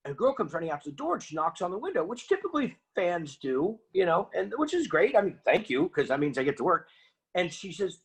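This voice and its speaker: A middle-aged man, an interview guest, telling an animated story and acting out the voices of people in it. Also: a little high, fast, slightly rough. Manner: energetic, acts out quoted voices.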